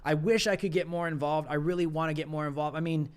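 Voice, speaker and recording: Impassioned high-voiced male livestream host. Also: steady tone, fast talker, clear, resonant tone. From United States. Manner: impassioned, emphatic repetition. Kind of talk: political commentary livestream.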